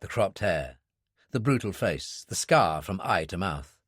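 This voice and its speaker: A man narrating a thriller audiobook in a steady, expressive storytelling voice. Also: deep voice, a little slow, slightly rough, no room sound, studio quality. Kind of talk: scripted narration.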